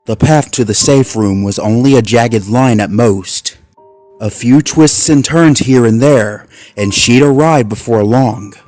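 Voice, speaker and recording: A man narrating a suspenseful animal story in a measured, scripted way. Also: medium pitch, darkish tone, soft background music.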